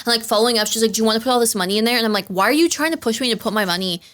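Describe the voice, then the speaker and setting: Young woman cohost rambling fast w lots of "like", casual podcast chat. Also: a little high, a bit bright. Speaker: podcast co-host.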